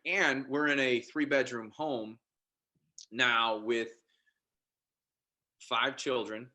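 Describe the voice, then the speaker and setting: Casual male podcast guest with a crisp, bright voice, animated storyteller who trips over words. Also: mid-range voice, takes it slowly. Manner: animated, with frequent restarts and repeated words. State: married father.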